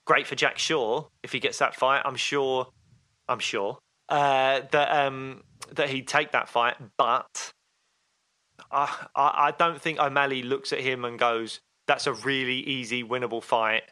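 A man's voice: mid-range voice, steady tone, a little slow, pushed and bright. A man co-hosting a sports podcast in casual chat, rambling with fillers and restarts. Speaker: podcast co-host.

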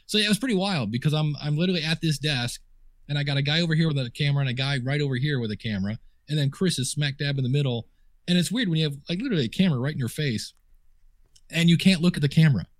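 A man's voice: on the high side, racing, dry recording, clean studio sound. A man guesting on a podcast interview, telling chatty anecdotes full of quoted dialogue and fillers. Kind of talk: casual storytelling interview. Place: home office desk.

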